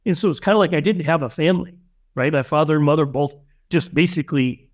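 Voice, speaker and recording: A man's voice: fairly high pitch, fast. Earnest man recounting a spiritual story. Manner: emotional, earnest, with frequent restarts. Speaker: guest, spiritual teacher. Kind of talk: personal storytelling in an interview.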